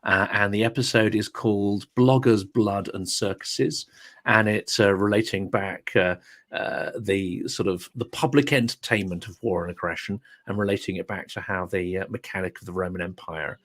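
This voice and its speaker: A man with a low voice speaks as a guest on a live stream. He is earnest and measured and states his points firmly. His delivery stays steady and conversational. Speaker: guest, political channel host. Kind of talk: casual live chat.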